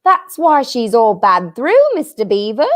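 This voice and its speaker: A brisk, motherly beaver wife from a storybook, put on by a woman reading aloud. Her voice leaps up high and bright, then settles into a homely, no-nonsense tone. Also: wildly swooping pitch, soft background music. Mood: firm.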